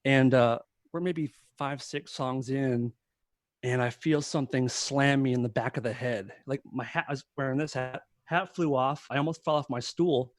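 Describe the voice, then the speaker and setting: A man guesting on a podcast, telling a story in casual chat, animated and laughing often. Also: mid-range voice, normal speed, no room sound, clean studio sound. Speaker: podcast guest, former tour crew member.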